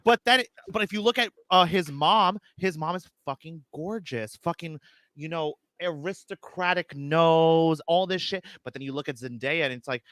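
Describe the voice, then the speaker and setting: A young man from New York co-hosting a podcast, rambling in crude, mocking banter that swings between muttering and loud outbursts. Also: a little high, moderate pace, dry recording. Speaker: podcast co-host.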